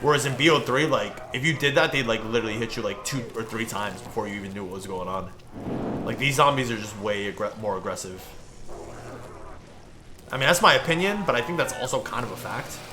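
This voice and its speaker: A man's voice: mid-range voice, lively intonation, brisk, background noise. A young man casually chatting with viewers while he plays, rambling and laid-back, full of "like" and "bro". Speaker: gaming streamer.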